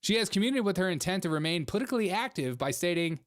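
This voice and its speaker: A man's voice: on the high side, animated, fast talker, background noise. A man hosting a live stream, chatting casually in a sarcastic, mocking way and laughing often as he reads out his viewers' messages. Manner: reads viewer chat aloud.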